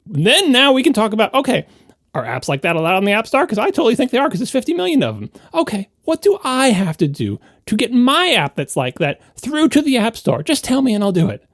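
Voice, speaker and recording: A man's voice: very high-pitched, huge pitch swings, fast talker, fairly bright tone, no room sound, studio quality. A man co-hosting a tech podcast in casual chat, ranting indignantly and with a lot of energy. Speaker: podcast co-host.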